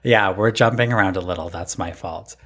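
A North American man co-hosts a podcast with a fairly low voice. He recaps in a chatty, easygoing manner and often laughs at his own jokes. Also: brisk, a bit bright, husky. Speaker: podcast co-host. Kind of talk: casual chat.

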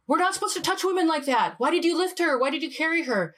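A woman's voice: very high voice, lively intonation, fast talker, a little hiss or hum, pitched above the performer's own voice. A woman voicing an indignant young male monk who scolds his elder in a raised, questioning tone.

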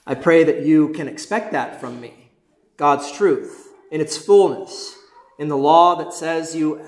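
Man, pastor, stutter, earnest sermon, slow measured delivery, reverberant church room. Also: on the high side. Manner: earnest, with frequent restarts and repeated words. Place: church sanctuary.

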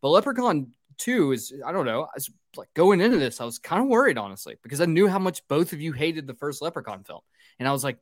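A man's voice: on the high side, big pitch swings, fast, dry recording, clean studio sound. A man hosting a podcast, recapping a film in sarcastic, profane banter. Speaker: podcast host.

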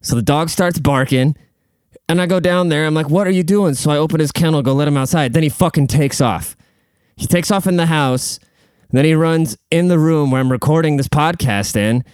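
A man's voice: a little high, moderate pace, darkish tone, clean tone, no room sound, studio quality. A man hosting a casual solo podcast from a room at home, rambling bluntly and swearing freely. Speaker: podcast host.

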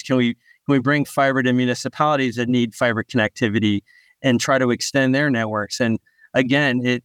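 A man, a startup founder, answering podcast interview questions in a relaxed storytelling way, often repeating a word as he restarts. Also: medium pitch, smooth, no echo, studio quality.

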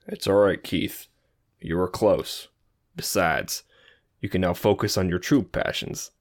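A man's voice: low voice, a little slow. A man voicing a charismatic male desert paladin who reassures a friend. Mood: reassuring. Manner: reassuring and warm-hearted, with swagger.

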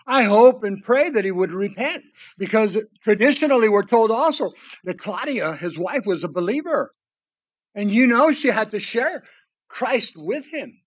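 High-voiced man preaching, loud then hushed. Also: lively intonation, normal speed. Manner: emphatic, swings between loud declarations and hushed pleading asides; addresses listeners directly with "listen" and "guys". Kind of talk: expository sermon.

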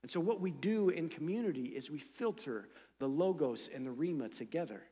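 A man preaching a sermon as pastor, swinging between loud emphatic lines and soft hushed ones. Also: a little high, lively intonation, brisk, long reverb tail. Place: church sanctuary.

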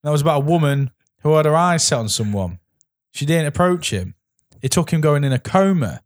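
A man's voice: a little high, lively intonation, a little fast, dry recording, studio quality. A man co-hosting a casual comedy podcast, chatting about films and telling trivia with wry jokes. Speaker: podcast co-host.

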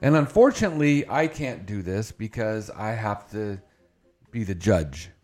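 A man's voice: fairly low pitch, expressive, unhurried, darkish tone. A man hosting a morning radio show, talking in a rambling, playful way that keeps interrupting itself. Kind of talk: casual radio banter. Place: radio studio.

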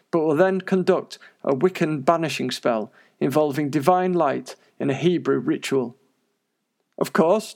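A man's voice: a little high, gravelly, a little mellow. A man presenting paranormal news in scripted narration, with wry, sarcastic asides.

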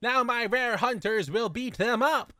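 A podcaster putting on a gloating high villain. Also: sharp tone, no room sound. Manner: slow, drawn-out gloating delivery. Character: gloating villain boss directing his henchmen. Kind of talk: comedic impression on a podcast.

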